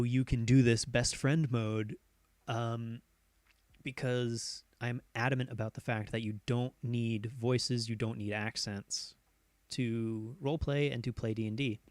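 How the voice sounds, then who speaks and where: A man hosting a casual live stream, rambling with many fillers and tangents and sometimes shifting his pitch and pace to show voice tricks. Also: darkish tone, no room sound. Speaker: host.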